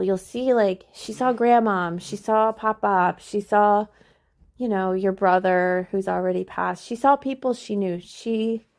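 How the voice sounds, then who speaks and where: Young woman podcaster, bit of vocal fry, chatty and gentle, lots of likes. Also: medium pitch. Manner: soft, slow and soothing when recalling what she told him; casual, with many "like"s. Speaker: podcast host. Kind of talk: personal storytelling.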